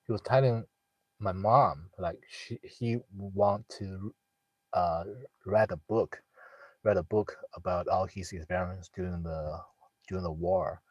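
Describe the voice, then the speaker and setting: A young man, telling a family story in casual talk with many pauses, fillers and restarts. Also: low voice, darkish tone, no room sound, lo-fi sound. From northeast China. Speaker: guest sharing a personal story.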